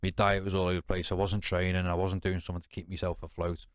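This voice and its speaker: This podcast guest is a man with a low voice who speaks flatly and quickly, recorded dry. Using informal British slang, he tells a candid personal story, blunt and swearing. He rambles and restarts with many fillers, often asking "you know what I mean".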